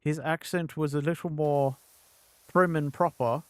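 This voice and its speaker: A man streaming a game and chatting in a slow, unhurried drawl, rambling with plenty of fillers. His voice sits at a middle pitch, dry and close to the mic. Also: steady tone, no room sound. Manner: rambling, full of fillers, slips into mock accents. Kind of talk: casual chat while gaming.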